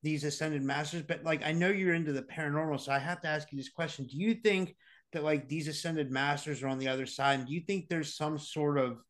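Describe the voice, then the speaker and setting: A man's voice: a little high, steady tone, brisk, a bit bright. A man interviewing a guest casually, stammering and hesitant as he builds up his questions.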